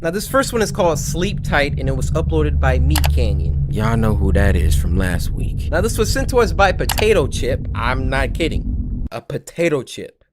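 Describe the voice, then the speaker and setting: A man's voice: mid-range voice, big pitch swings, moderate pace, background noise. A man hosting a comic video reaction in a playful, joking way, with music behind.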